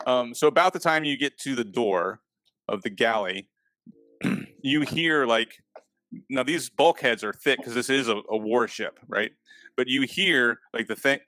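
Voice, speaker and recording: A man narrating as game master of a tabletop game, in a relaxed, loose way with fillers. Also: mid-range voice, dry recording.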